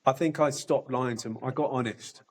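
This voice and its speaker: A man's voice: mid-range voice, a little fast, low-quality recording. A middle-aged man telling his personal story candidly as a podcast guest, swearing often and restarting sentences.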